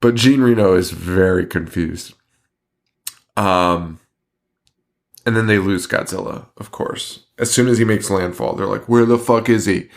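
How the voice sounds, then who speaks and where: A man's voice: fairly low pitch, vocal fry. A man hosting a podcast in casual chat, swearing a lot and laughing often as he rants. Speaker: podcast host.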